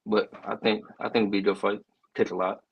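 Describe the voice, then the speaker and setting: A young man, an amateur fighter, answering interview questions in a hesitant, low-key, understated way. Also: little pitch movement, fast, breathy edge, highs cut off.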